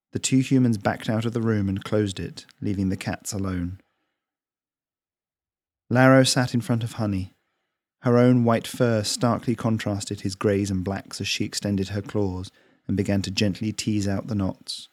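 A man, the author, gently reading his own short story at an unhurried pace. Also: on the low side, steady tone, no echo. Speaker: author and narrator.

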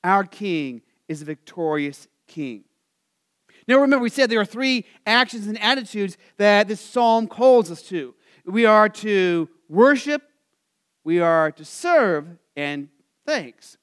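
High-voiced, smooth-toned male preacher. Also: slow. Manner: conversational, lots of "you know" asides; rises to excited, energetic emphasis. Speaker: Lutheran pastor. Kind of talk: sermon.

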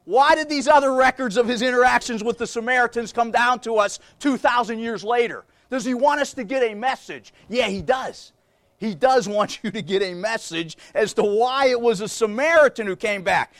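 High-voiced man preaching a sermon. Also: normal speed, a bit bright, dry recording. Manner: emphatic, repeats key phrases, addresses listeners as folks.

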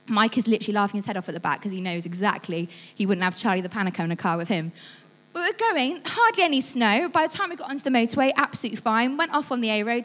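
A young woman giving a sermon, telling a story with lots of laughter and acted-out voices. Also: fairly high pitch. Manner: lively storytelling, acts out voices, laughs often. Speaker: church speaker.

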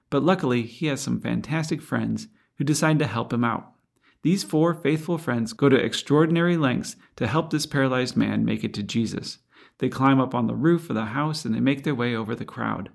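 Man with a gravelly voice preaching. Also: mid-range voice. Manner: earnest, reflective, asks rhetorical questions. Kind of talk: sermon.

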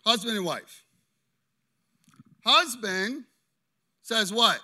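A man preaching an interactive sermon, animated and constantly checking in with his listeners. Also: high voice, normal speed, long pauses. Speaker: pastor.

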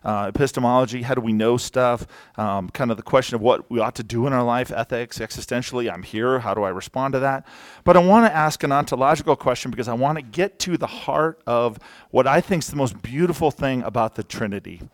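A man's voice: mid-range voice, a little fast, no echo. A man giving a sermon in a church in a casual, conversational way with joking asides, speaking into a mic. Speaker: preacher. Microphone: handheld or worn mic.

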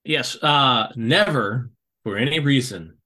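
A man's voice: medium pitch, lively intonation, takes it slowly, sharp tone. A man co-hosting a casual podcast chat, talking in jokey, rambling asides. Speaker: podcast co-host.

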